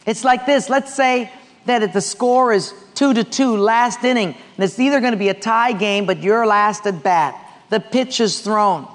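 A pastor with a high voice preaches a sermon at a moderate pace in a large hall. He tells stories and puts questions to the congregation for them to answer aloud.

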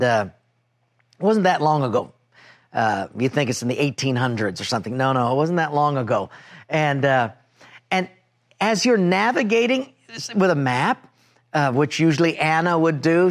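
A middle-aged man preaching a sermon, telling a personal story with lively acted-out dialogue. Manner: animated storytelling, acting out quoted voices with big pitch jumps. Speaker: pastor.

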